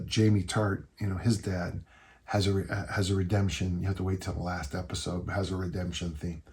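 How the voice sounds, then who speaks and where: Older man, podcast host, low pitch, rambling storyteller. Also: vocal fry, darkish tone. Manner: rambling, folksy storytelling with restarts. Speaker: podcast host and strength coach. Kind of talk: casual listener Q&A chat.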